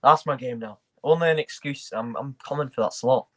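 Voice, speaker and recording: A man's voice: mid-range voice, a little fast, fairly bright tone. A man hosting a live football watchalong, chatting loosely with banter and restarts. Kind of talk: casual chat.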